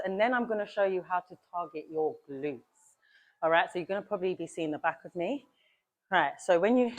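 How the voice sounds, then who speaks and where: A young woman coaching a gym workout in a casual, direct way, a bit out of breath as she demonstrates. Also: on the low side. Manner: direct, coaching, talks to viewers as "you lot". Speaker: fitness coach.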